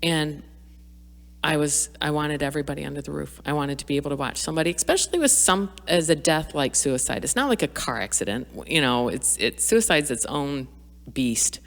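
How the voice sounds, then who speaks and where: A middle-aged woman with a low voice speaks as a podcast guest. She talks candidly and reflectively, with frequent fillers and restarts. Her voice carries a long reverb, as if recorded in a hall. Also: animated, fairly quick, vocal fry. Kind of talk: candid personal conversation.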